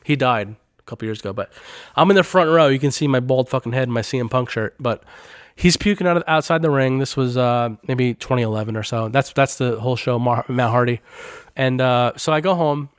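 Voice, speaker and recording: A man's voice: medium pitch, brisk, few pauses, smooth, no room sound. Podcast guest, man, rambling profane storyteller, close dry sound. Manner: profane, rambling storyteller who laughs often. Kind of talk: casual podcast chat.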